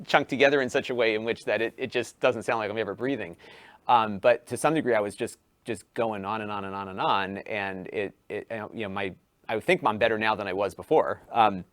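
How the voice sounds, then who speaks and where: A man who hosts a YouTube tech channel, talking through a casual podcast conversation in an animated way, full of restarts, and lifting his voice for quoted lines. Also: lowish voice, dry recording.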